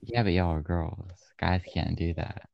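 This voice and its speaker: Deep gravelly guy, dull sound. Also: steady tone, moderate pace, no echo. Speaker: friend chatting. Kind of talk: casual chat.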